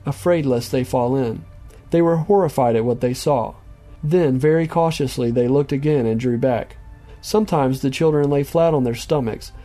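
A man reading a book aloud as narrator in a solemn, measured way. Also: medium pitch, mellow. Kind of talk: audiobook reading.

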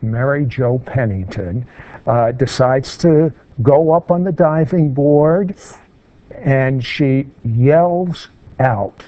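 A man's voice: medium pitch, expressive, slow, dry recording, dull audio. A man hosting a TV interview, asking short probing questions. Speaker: host.

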